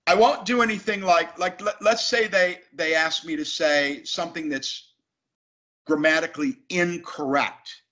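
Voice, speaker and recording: A man's voice: on the high side, a little slow, pushed and bright. A man, an actor, talking emphatically and animatedly as an interview guest. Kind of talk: casual interview talk. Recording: dull lo-fi sound.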